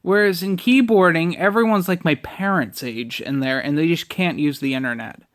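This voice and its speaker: A young man in his twenties vents on camera in an irritated, profane ramble. His voice sits a little high for a man, and he complains freely with constant swearing. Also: normal speed. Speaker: vlogger. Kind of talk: casual ranting vlog.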